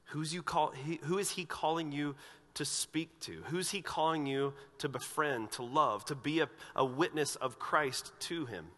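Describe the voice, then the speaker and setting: A man's voice: fairly high pitch, measured pace, big-room sound. A man preaching a sermon as pastor in a church, asking earnest, searching questions of the congregation. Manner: earnest, questioning, animated when retelling scripture scenes. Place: church sanctuary.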